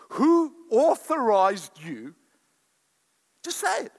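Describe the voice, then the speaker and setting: A man's voice: high-pitched, big pitch swings, moderate pace. A man preaching a sermon to a congregation, acting out quoted voices and calling back to the crowd. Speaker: pastor. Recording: echoey hall with long reverb.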